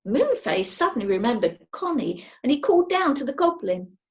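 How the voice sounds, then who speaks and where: Expressive woman reading a children's story. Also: on the high side, normal speed, hardly any pauses, highs cut off. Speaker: storybook reader.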